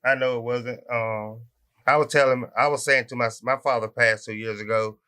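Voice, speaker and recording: A man's voice: medium pitch, steady tone, normal speed, pushed and bright, smooth. A man co-hosting a podcast, laid-back and slangy in casual chat. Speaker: podcast co-host.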